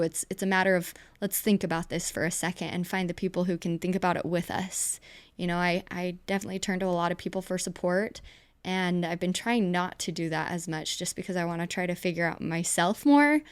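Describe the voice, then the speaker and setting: A young woman talks earnestly in a relaxed podcast conversation, rambling a bit and sounding heartfelt. Her voice is smooth and resonant. The recording is dry, with no room sound. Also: lowish voice, dry recording. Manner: earnest, rambling, emotional at times. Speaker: podcast co-host. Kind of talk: casual podcast chat.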